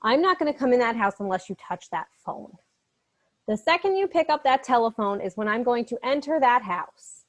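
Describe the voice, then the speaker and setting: A woman's voice: fairly high pitch, normal speed, close to an everyday voice. A woman reading as a coaxing, menacing male stalker. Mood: threatening. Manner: coaxing, insistent, calmly threatening. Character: menacing smooth-talking male stalker, young adult.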